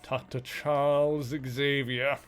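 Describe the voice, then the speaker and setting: A man's voice: mid-range voice, little pitch movement, slow, a bit bright, clear, resonant tone, faint music behind. Chatty, joking man streaming a game. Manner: chatty and joking, with filler words. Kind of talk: casual let's play commentary.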